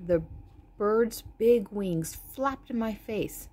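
A woman reading a children's storybook aloud, stopping for gentle, explanatory asides. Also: mid-range voice, animated, slow pace, noisy background. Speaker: storybook reader.

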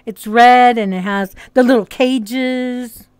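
A woman's voice: fairly high pitch, fairly even intonation, slow, clear, resonant tone, no echo, clean studio sound. Chatty woman with a mixed accent. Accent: mixed, hard to place. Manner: rambling, chatty, casual swearing. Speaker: streamer and hypnotist. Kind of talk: casual livestream chat. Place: virtual reality social world.

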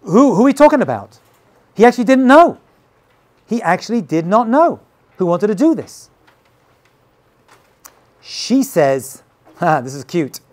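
A man's voice: high-pitched, big pitch swings, unhurried, long pauses, a little mellow. A man gives a scripture lesson as a rabbi, with a voice that rises and falls a great deal. He tells the story casually and dramatically, and slips into the voices of the people in it. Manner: dramatic, casual, retells scenes with acted quotes. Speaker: rabbi teaching.

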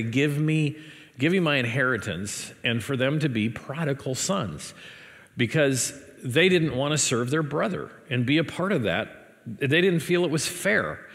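A male pastor preaching a sermon. He reads scripture dramatically, then breaks off into animated asides with laughs. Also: medium pitch. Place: church sanctuary. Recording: church hall with long reverb.

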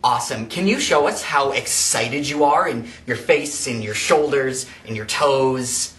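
A teaching artist gently leading a children's drama workshop and speaking straight to the viewers at home. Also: mid-range voice, a little slow. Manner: gentle, encouraging, addresses viewers directly. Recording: echoey room, mic at a distance.

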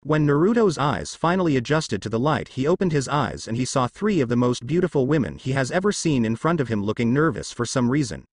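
A man reading a fan-fiction story with lively, expressive intonation at an ordinary pitch. The sound is close and dry with no room echo. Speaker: fanfiction narrator.

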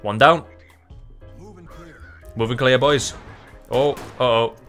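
A man giving loose, excitable gameplay commentary, swearing freely, laughing often and tripping over his own words. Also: medium pitch, takes it slowly, faint music behind. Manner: rambling, self-interrupting. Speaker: gaming YouTuber.

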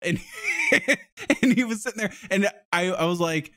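A man's voice: high-pitched, animated, unhurried, fairly bright tone. A man hosting a podcast, telling a story in a casual, rambling way, swearing often and laughing. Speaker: podcast host.

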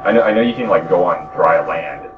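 A man's voice: low voice, a little fast, noisy background. A man giving casual gameplay commentary, rambling and joking crudely, laughing a lot. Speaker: video game let's play commentator. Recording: echoey, distant, dull sound with game music.

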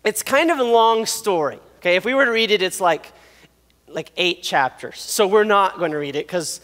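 A man with a high voice preaches to a congregation, telling his own story with animated, self-deprecating humor and frequent laughter. His voice rings out with a long reverb from a large hall. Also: normal speed. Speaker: pastor. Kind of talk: sermon with personal storytelling.

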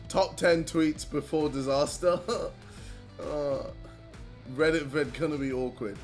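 A man's voice: a little high, very animated, very slow, pauses often, faint music behind. A young man, talking casually in a reaction vlog, self-mocking and laughing and swearing a lot. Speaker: YouTuber.

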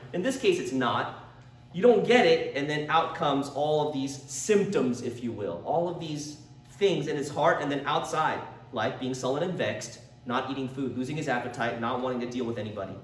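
A man teaching a church Bible lesson in a conversational way, sometimes acting out the people he quotes. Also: on the high side. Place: church classroom. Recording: echoey room, picked up from a distance.

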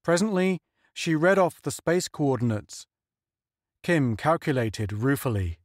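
A man reads a science fiction story aloud in measured, steady narration. His voice sits a bit high, and the recording is close and dry. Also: no echo. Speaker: audiobook narrator. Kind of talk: scripted narration.

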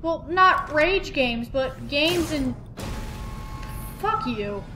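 A woman's voice: high voice, lively intonation, drawn-out words, sharp tone, slight background noise. A woman playing a horror game and commenting, panicky, swearing and repeating words in frantic bursts. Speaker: let's play gamer.

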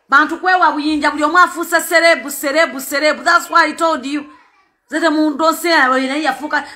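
A woman's voice: high voice, bright, forceful tone. A Ugandan woman and parent making an impassioned spoken appeal, emphatic and repetitive, switching between two languages. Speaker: parent speaking out.

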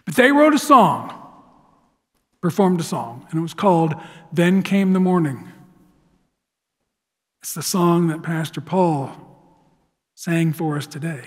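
Animated high-voiced preacher. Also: male voice, a little slow, long pauses. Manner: animated dramatic storytelling. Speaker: pastor. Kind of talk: sermon. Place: church sanctuary. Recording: long church hall reverb.

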